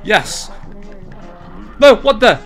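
A young man commentating a video game, excitable and jokey, yelling and swearing at it and talking himself down between fits. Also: high-pitched, extremely slow, over music. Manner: talks to himself, jokey asides. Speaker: gaming YouTuber. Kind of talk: let's play commentary.

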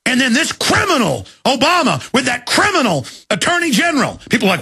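Gravelly raspy man ranting on radio. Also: extremely high pitch, huge pitch swings. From Texas. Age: 30s. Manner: angry, shouting, rapid tirades. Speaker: radio host. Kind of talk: ranting talk radio monologue.

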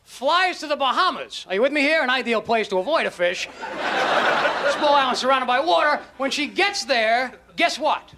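A man doing a stand-up comedy routine on stage, incredulous and mocking, acting out voices, with loud audience laughter behind him. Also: very high-pitched, expressive, normal speed. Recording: live show with loud crowd and noise.

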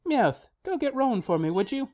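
A man voicing a cheerful, chatty mother as he reads a video game's dialogue aloud, in a bright, sing-song put-on voice. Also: extremely high pitch, very animated, a little fast, voice pushed up. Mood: cheery.

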